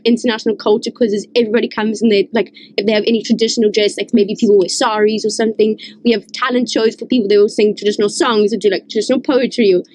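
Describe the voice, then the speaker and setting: A woman's voice: medium pitch, a little mellow, rough recording. A young woman from Africa, chatting and asking questions in a casual podcast, bubbly and full of "like" fillers. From South Africa. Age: young adult. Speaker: student union leader asking the questions.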